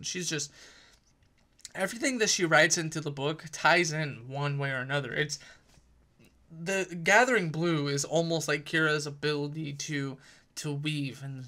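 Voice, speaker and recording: A young man talks through a novel's plot in a loose, conversational review. He backtracks and corrects himself often, with plenty of fillers. His voice sits a little high and sounds bright and forward. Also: measured pace. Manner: rambling, self-correcting, uses fillers. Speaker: book reviewer. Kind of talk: casual book review.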